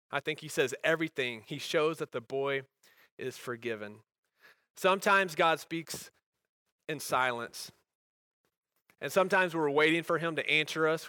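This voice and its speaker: Male pastor preaching, earnest, swings from emphatic to hushed, bright tone, dry close sound. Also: a little high, dry recording. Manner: earnest, builds to emphatic peaks then drops soft. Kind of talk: sermon.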